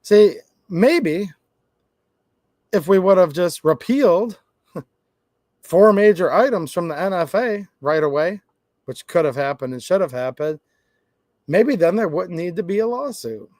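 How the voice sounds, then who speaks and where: A man's voice: high-pitched, expressive, a little slow, pauses often, darkish tone, no echo, studio quality. A man giving a sarcastic opinion monologue on gun laws, acting out both sides of imagined conversations. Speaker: gun rights commentator.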